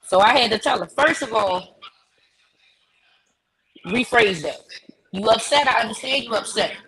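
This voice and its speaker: A woman hosting a live chat, telling an animated story and acting out the dialogue. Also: a little high, measured pace, rough recording. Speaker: host.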